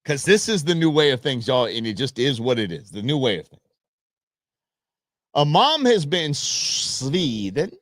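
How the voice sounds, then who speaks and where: A man hosting a talk show, rambling bluntly and swinging between loud rants and muttered asides. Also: medium pitch, big pitch swings, fast talker, no echo, clean studio sound. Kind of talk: casual opinionated monologue.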